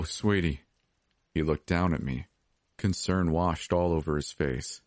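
A man reading a scripted horror story as podcast narrator, steady and measured. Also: a bass voice, dry recording, studio quality.

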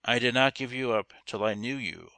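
A man voicing a stern, resolute young gentleman in a storybook reading. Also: medium pitch, moderate pace, gravelly, clear, resonant tone, no echo. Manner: stern, firm.

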